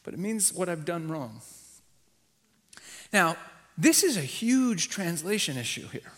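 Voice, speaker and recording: High-voiced man preaching with lively emphasis. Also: unhurried. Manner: animated teaching, acts out quoted voices. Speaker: rabbi preaching in a church. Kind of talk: sermon.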